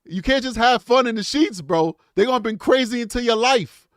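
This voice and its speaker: A man's voice: very high-pitched, brisk, dry recording, studio quality. A man hosting a live true crime stream, reacting bluntly and casually, often calling the audience bro and man. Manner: animated, blunt, calls listeners bro and man.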